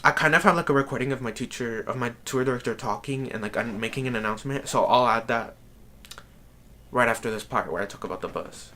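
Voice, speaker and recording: A man's voice: medium pitch, fast, sharp tone, slight background noise. A young man telling a travel story in a casual vlog, chatty and profane, with lots of "like" fillers. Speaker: vlogger.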